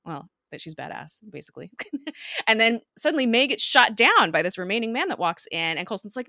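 A woman's voice: on the high side, big pitch swings, a little fast, bright, forceful tone, no room sound, clean studio sound. A young woman hosting a podcast, casually recapping a TV episode with lots of fillers and laughter. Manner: chatty, many fillers, frequent laughter. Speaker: podcast host.

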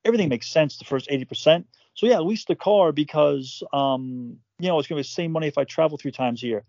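Animated swearing man with a slightly high voice. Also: fast talker, no echo, muffled recording. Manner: animated, swears freely, repeats words, acts out quotes. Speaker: podcast co-host telling his story. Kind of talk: casual profane storytelling.

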